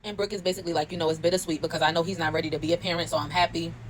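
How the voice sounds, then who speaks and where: A woman rattles off a reality TV recap at a rapid clip, chatty and laughing as she retells what cast members said. Her voice sits low. A faint noise hangs under the recording. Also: fairly even intonation, low-quality recording. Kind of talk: casual recap commentary.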